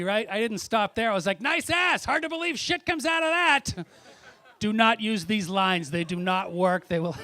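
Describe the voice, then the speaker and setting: This middle-aged comic has a high, somewhat bright, clean-toned voice. Working a comedy club stage, he's brash and profane, mixing his jokes with crowd work that pokes fun at the audience.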